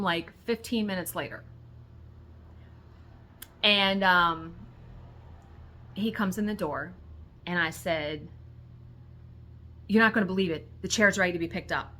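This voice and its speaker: Middle-aged woman vlogger, bright voice, lively storyteller, acts out dialogue, casual swearing. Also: mid-range voice. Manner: animated, retells conversations, swears when excited. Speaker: crafting vlogger.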